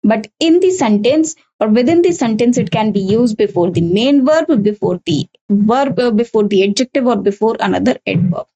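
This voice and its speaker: Woman, Indian English accent, fairly high pitch, grammar teacher, patient step-by-step explaining, repetitive. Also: expressive, normal speed, hardly any pauses, dark tone, breathy edge, low-quality recording. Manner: explanatory, repeats key points, frequent "okay" and "uh". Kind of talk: recorded exam-prep lesson.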